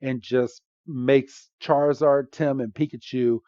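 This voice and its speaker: A man hosting a podcast, retelling a movie scene by scene in a casual, animated way with frequent fillers. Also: medium pitch, slow pace, no echo, muffled recording. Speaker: podcast host. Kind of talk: casual movie recap chat.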